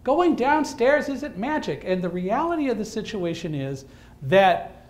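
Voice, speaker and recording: A man giving a talk to an audience, telling a story in a lively way with dry humor and acting out the lines of people in it. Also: high-pitched, unhurried. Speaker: guest speaker.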